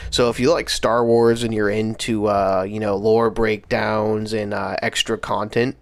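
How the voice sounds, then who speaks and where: A man's voice: on the low side, little pitch movement, measured pace, no room sound. A young man hosting a livestream, talking casually with slang and lots of fillers. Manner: laid-back slangy talk with many fillers. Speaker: livestream host. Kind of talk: casual stream chat.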